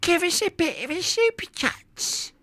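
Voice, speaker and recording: A squeaky mock-British street beggar. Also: male voice, sing-song, measured pace, bright, forceful tone, dry recording, exaggerated voice. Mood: wheedling. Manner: wheedling, repetitive begging. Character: high-pitched cockney-style male street beggar, pleading.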